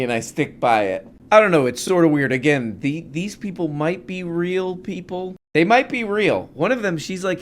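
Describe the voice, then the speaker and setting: A man rants through a reaction video, swearing freely and mocking what he watches. His voice sits at an ordinary male pitch. A faint noise floor runs under the recording. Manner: profane, sarcastic and mocking. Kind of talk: ranting commentary over clips.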